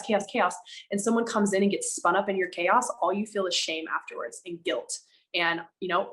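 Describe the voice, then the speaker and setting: A woman speaking candidly as a podcast guest, animated and emphatic, slowing down to stress her words and now and then swearing for emphasis. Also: medium pitch, rough recording. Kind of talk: candid conversational storytelling.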